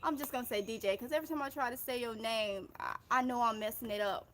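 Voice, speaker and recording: Woman, 30s, Mississippi Southern accent, livestream chat, effusive, high-pitched, faint noise behind. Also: fast talker. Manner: chatty and effusive, addresses viewers as y'all. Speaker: gardening livestream host. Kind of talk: casual livestream chat, reading viewer comments aloud.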